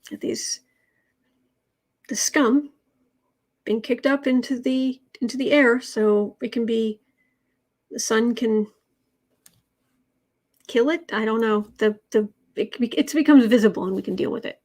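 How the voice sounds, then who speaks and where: A woman's voice: on the high side, a little slow, long pauses, darkish tone. A woman hosting a tarot livestream from home, talking in a loose, rambling way full of restarts. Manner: rambling, with frequent restarts and fillers. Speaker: tarot reader and livestream host. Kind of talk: casual livestream chat.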